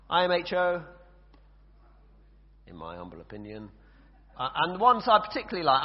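A man's voice: medium pitch, husky. A man leading a church sermon, chatty and hesitant, with fillers and self-corrections. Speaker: preacher. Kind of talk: sermon with scripture reading. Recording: reverberant church, dull lo-fi sound.

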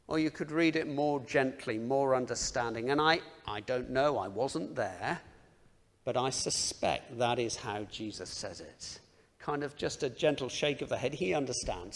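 A man's voice: medium pitch, lively intonation, normal speed, a bit bright. A man preaching a sermon in a conversational, self-deprecating way, often asking the listeners rhetorical questions. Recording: long reverb of a large hall.

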